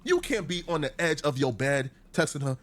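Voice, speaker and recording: A man's voice: a little high, big pitch swings, moderate pace, fairly bright tone, slight background noise. A man hosting a commentary video, talking in a mocking, theatrical way. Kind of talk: scripted commentary.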